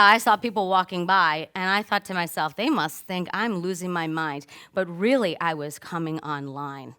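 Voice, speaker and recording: A woman, probably in her thirties, telling a personal story to an audience, animated and acting out the moments she describes. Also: fairly low pitch, normal speed, few pauses, clean tone. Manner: animated, acts out voices and screams in her story. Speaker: speaker giving a stage talk.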